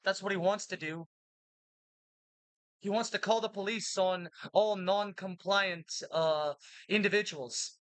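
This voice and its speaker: A woman ranting in a monologue to camera, agitated, with halting restarts that give way to shouted insults. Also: mid-range voice, no room sound, rough recording. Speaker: vlogger.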